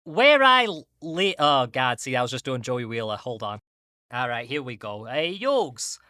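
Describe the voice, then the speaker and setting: Brief: male podcast co-host, unhurried, crisp voice, dry close sound, jokey and self-mocking. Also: medium pitch, animated, pushed and bright, no echo. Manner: laughing, self-deprecating, trailing off. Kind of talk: casual chat.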